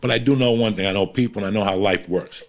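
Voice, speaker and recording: A man's voice: lowish voice, quick pace. A man from Cuba telling rambling, profane stories on a podcast.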